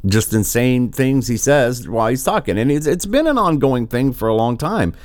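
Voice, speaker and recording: A man's voice: mid-range voice, animated, moderate pace, no room sound, clean studio sound. A man giving casual political commentary, rambling and exasperated, with a sarcastic edge. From United States.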